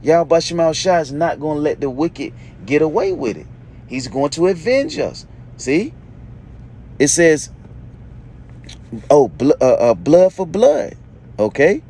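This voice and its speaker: A man's voice: fairly high pitch, very animated, a little slow, pauses often, mellow, a little hiss or hum. A man teaching a sermon, reading verses aloud and explaining them emphatically, checking in with "okay?" after nearly every point. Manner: emphatic, repeats "okay?" often, reads scripture aloud then explains. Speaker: preacher.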